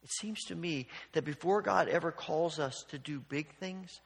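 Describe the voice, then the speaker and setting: Male preacher, sermon, earnest, slightly husky voice, fairly high, long hall reverb. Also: normal speed. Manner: earnest, repeats words when restarting, drops to quiet near-whispers for emphasis.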